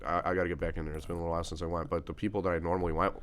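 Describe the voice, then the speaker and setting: A man's voice: low voice, level tone, rapid-fire, fairly bright tone, a little hiss or hum. A man hosting a podcast in casual chat, laid-back and swearing freely. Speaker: podcast host.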